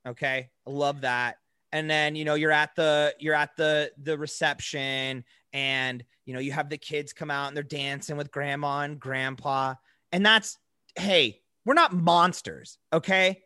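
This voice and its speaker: A man's voice: a little high, measured pace, clean tone, dry recording, studio quality. A young man co-hosting a podcast, ranting casually with lots of profanity and laughter. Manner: profane, animated rants with frequent laughs. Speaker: podcast co-host. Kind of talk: casual chat.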